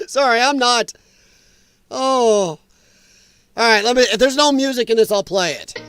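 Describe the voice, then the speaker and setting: A man's voice: very high-pitched, clean tone. A man hosting a casual reaction stream, laughing often and chatting loosely. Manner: laughs often, slow and relaxed. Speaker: host reacting to clips.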